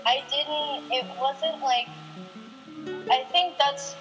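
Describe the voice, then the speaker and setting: A woman's voice: sits high, fairly even intonation, slow pace, a bit bright, soft background music, poor audio. A young woman guest in a casual interview chat, speaking hesitantly and thoughtfully with many fillers.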